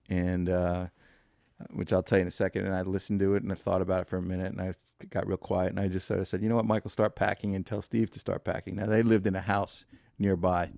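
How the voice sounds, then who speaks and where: A man's voice: sits low, gravelly, darkish tone, no room sound, clean studio sound. A man in his fifties, a podcast guest, telling a long anecdote in a rambling way, full of fillers and restarts. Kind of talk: storytelling in a podcast interview.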